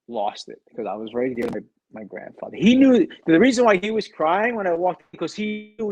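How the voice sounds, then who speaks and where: Middle-aged male guest, lively raconteur voicing others' lines, fairly high-pitched, dry. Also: dry recording, rough recording. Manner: animated, acts out quoted dialogue, frequent restarts. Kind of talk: casual interview storytelling.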